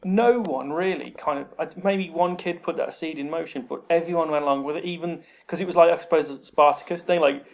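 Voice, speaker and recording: A man's voice: fairly high pitch, a little fast, vocal fry, few pauses. A man, co-hosting a podcast, chatting casually and telling rambling stories in which he acts out the people he quotes. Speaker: podcast co-host. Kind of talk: casual chat. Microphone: remote call mic.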